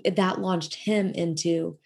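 A woman's voice: lowish voice, steady tone, slow, gravelly, a little mellow, husky. A young woman hosting a podcast, telling a personal story in a chatty way with lots of fillers and frequent laughs. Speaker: podcast host. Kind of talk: casual storytelling chat.

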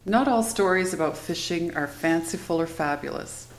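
A woman giving scripted narration in a measured, dry, wry manner. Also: fairly low pitch, a little hiss or hum, low-quality recording.

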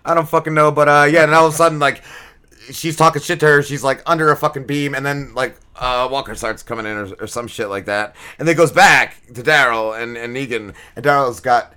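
A man's voice: mid-range voice, clear, resonant tone. A man hosting a podcast, recapping a TV episode in a rambling, profane, casual way with plenty of filler words. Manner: animated retelling with quick drops in energy. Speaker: podcast host.

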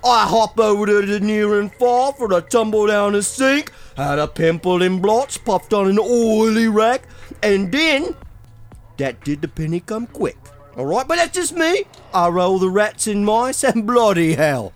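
A podcast co-host putting on an exaggerated Cockney accent, telling a slow story in rhyming slang. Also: male voice, high voice, animated, faint music behind. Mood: boastful. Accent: mock Cockney. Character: man doing a rough Cockney bloke.

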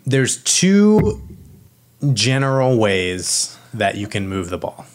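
A man's voice: on the low side, big pitch swings, slow. A man in casual chat explaining football rules, rambling with many restarts and fillers. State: out of breath.

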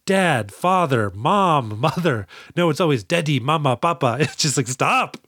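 A man co-hosting a podcast, recapping an action movie in casual chat and slipping into quick mock voices. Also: on the high side, animated, a bit bright, dry recording, studio quality. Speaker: podcast co-host.

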